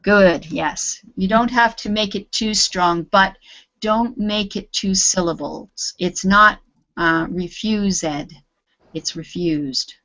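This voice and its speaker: A woman's voice: mid-range voice, takes it slowly, sharp tone, no echo, muffled recording. A woman teaching an English grammar class online, correcting students patiently and encouragingly.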